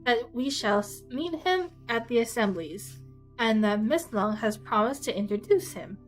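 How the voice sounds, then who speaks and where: Sensible young lady, read by a woman, level and calm, soft music under. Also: fairly high pitch, moderate pace, natural voice, low-quality recording. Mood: reasonable.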